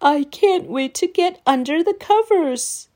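A woman voicing a cheerful young boy at summer camp in a storybook reading, speaking in a high, excited way. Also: a little slow.

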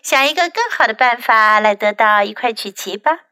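A woman voicing a patient mother who gently but firmly teaches her son manners. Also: on the high side, animated, normal speed, clean tone, no room sound. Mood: gentle.

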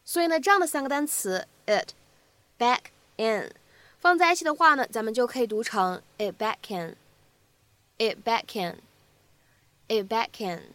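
Bright high-voiced woman teaching English. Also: expressive, brisk. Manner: cheerful, clear and explanatory, repeating phrases. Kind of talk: spoken English lesson.

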